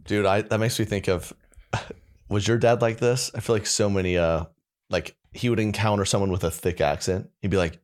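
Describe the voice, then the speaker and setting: A man hosting a podcast, chatting casually and telling animated stories. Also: lowish voice, moderate pace. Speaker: podcast host. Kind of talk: casual chat.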